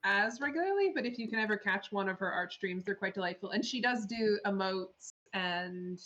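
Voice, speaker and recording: A woman's voice: mid-range voice, lively intonation, normal speed, a bit bright, lo-fi sound. Chatty American woman. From United States. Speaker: co-streamer. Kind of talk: casual chat.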